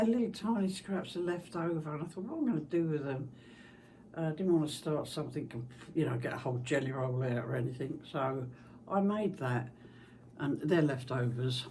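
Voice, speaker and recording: A middle-aged woman with a London-area English accent and a slight Scottish tinge, chatting casually in her husky smoker's voice about her quilting. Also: low voice, a little mellow. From southeast England. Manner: chatty, rambling, homely. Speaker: quilting channel host. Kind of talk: casual chat. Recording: distant mic with faint background hiss.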